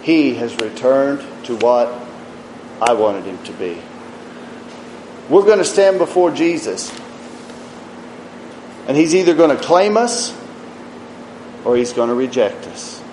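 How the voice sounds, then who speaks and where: Slow, earnest preacher man in an echoey room. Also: mid-range voice, a little hiss or hum. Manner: slow, earnest preaching with rises and quiet drops. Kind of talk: sermon.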